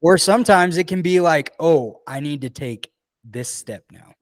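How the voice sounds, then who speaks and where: A man hosting a casual podcast conversation, asking questions and cutting in with relaxed jokes. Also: fairly high pitch, moderate pace. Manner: relaxed, joking interjections. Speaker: podcast host.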